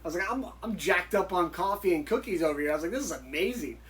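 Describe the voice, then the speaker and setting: A man, a guest in an interview, telling stories in a casual, animated way and acting out the dialogue he quotes. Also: high-pitched, fast talker, low-quality recording. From United States. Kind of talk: casual storytelling.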